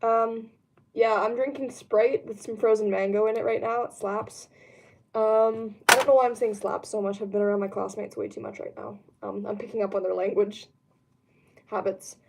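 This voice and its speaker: A woman's voice: mid-range voice, moderate pace, gravelly, darkish tone, slight background noise. A young woman talks casually from her room while answering a live chat. She rambles and fills gaps with lots of ums, now and then breaking into a laugh. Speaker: streamer. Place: home room.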